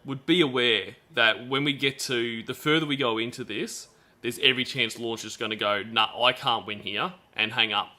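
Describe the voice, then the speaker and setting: A man's voice: medium pitch, moderate pace, pushed and bright. A man with an Australian accent hosting a stream, chatting casually in a self-deprecating way with lots of restarts. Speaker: stream host. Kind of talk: casual commentary chat.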